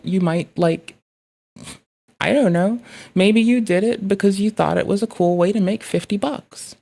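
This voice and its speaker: A woman's voice: medium pitch, vocal fry, dark tone. A woman streamer chatting casually and bluntly, swearing freely and rambling as she reacts to old clips.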